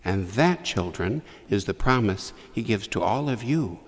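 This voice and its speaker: A man preaching a homily to children in a church, telling the story with lively asides to the young listeners. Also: on the low side, moderate pace, in a large hall. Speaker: priest.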